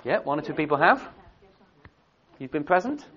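A man's voice: fairly high pitch, sing-song, moderate pace, a bit bright, slightly rough. A man giving an evening church history talk to a congregation, speaking conversationally with many fillers and restarts and asking the audience questions. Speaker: church teacher. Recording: dull lo-fi recording.

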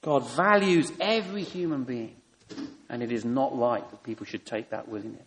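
A man's voice: mid-range voice, brisk, fairly bright tone, a little hiss or hum. A man preaching a sermon, emphatic and fond of rhetorical tag questions. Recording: long reverb in a hall.

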